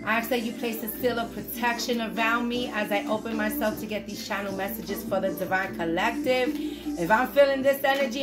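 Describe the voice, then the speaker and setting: High-voiced woman giving a spiritual pep talk. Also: brisk. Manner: emphatic, repetitive, bursts into shouts. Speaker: spiritual reader channeling messages. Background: music playing.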